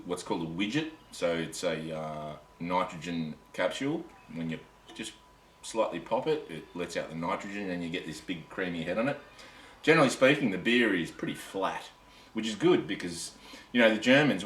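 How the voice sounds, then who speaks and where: A very deep-voiced Australian man chats to the camera in a loose, rambling way, often breaking off mid-sentence. He sounds worn out. He is heard from a distance in an echoey space, with faint ambient noise behind him. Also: fairly bright tone. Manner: rambling, self-interrupting, chatty. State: tired. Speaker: camping vlogger. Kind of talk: casual chat to camera.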